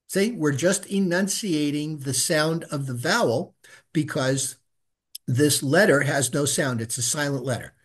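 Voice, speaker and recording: A middle-aged man leads a beginners' Hebrew reading class and patiently models each sound for the students to repeat. His voice sits a little high, and he talks slowly and without hurry. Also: breathy edge. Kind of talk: live class instruction.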